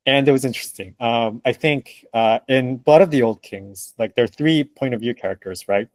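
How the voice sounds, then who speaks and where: A man who translates books, chatting as a guest in an interview, animated and laughing often with lots of fillers. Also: mid-range voice, moderate pace, dry recording. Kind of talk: casual interview conversation.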